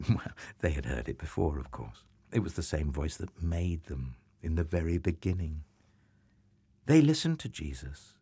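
A man with a husky, low voice tells a Bible story with wildly lively pitch, going from soft whispers to big swells. He reads slowly and deliberately, and the sound is close and dry. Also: no echo. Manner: expressive, swings from hushed whispers to loud exclaims. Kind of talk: dramatic Bible story reading.

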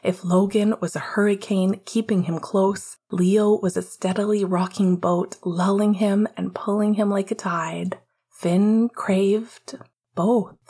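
Woman narrator, whispered storytelling, slow and breathy. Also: medium pitch, steady tone, dark tone. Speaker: audiobook reader.

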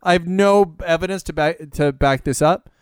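A man's voice: fairly high pitch, moderate pace, clean tone, dry recording, studio quality. A young man hosting a podcast, chatting casually in a rambling, profane way full of filler words. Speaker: podcast host. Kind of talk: casual comedic chat.

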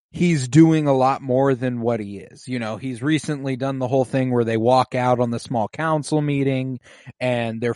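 Profane, animated male podcast host. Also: medium pitch, no room sound, clean studio sound. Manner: profane, animated recapping with quick impressions of characters. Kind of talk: casual rewatch podcast chat.

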